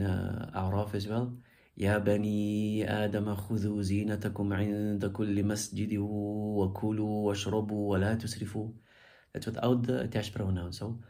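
A man with a low, gravelly voice leads a spoken recitation tutorial. His tone is mellow and unhurried. He repeats syllables again and again to demonstrate stress. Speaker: recitation teacher.

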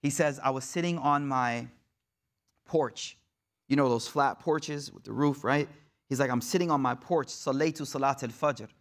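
A man's voice: medium pitch, normal speed. A man giving a storytelling sermon, retelling an old account in the first person with Arabic quotes and casual, conversational phrasing. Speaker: preacher.

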